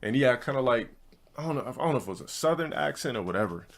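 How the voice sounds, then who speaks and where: A streamer with a medium-pitched, gravelly voice talks very fast with lively intonation. He rambles through a story to his live chat in blunt, profane, casual ranting.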